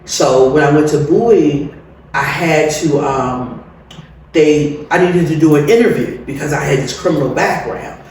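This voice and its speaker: A middle-aged woman telling her own story as an interview guest, candid and animated, laughing often. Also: low-pitched, measured pace. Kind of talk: personal storytelling. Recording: very echoey room, distant mic, faint noise.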